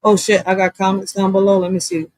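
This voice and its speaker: A woman hosting a casual livestream, talking bluntly with lots of swearing and reacting loudly, with laughs, to comments from her chat. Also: medium pitch, level tone, fast talker, dry recording, rough recording. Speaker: livestream host.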